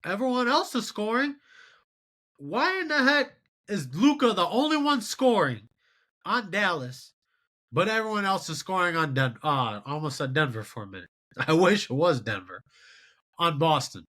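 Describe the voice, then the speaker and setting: A young man in his twenties runs a solo sports show with high, bright energy. His pitch swings widely as he runs through scores and vents his exasperation in a lively rant. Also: normal speed. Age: 20s. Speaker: podcast host.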